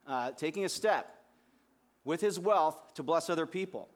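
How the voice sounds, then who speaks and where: A man's voice: a little high, lively intonation, moderate pace. A man preaching a sermon as pastor, speaking conversationally with frequent restarts.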